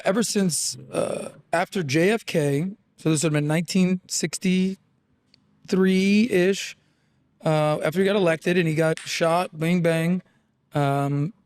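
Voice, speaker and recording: Podcast guest: a blunt, animated man with a high-pitched voice, casual and profane. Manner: animated, blunt, swears freely, lots of fillers.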